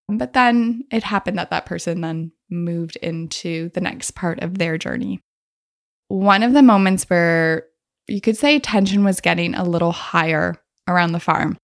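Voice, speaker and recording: A woman's voice: fairly low pitch, dry recording, clean studio sound. A woman hosting a podcast, telling stories in a chatty, casual way and laughing often. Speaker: podcast host. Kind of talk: casual storytelling.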